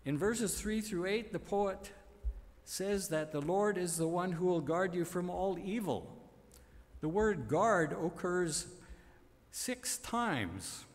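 Man, preacher, sermon, slightly high voice, unhurried emphatic delivery. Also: animated, in a large hall. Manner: slow, emphatic preaching with repeated refrains. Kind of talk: sermon on a psalm.

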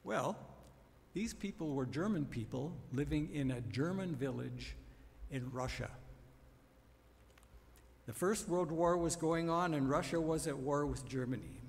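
Slow, emphatic preacher in a reverberant hall. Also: male voice, fairly high pitch, lively intonation, a little mellow. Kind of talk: sermon on a psalm.

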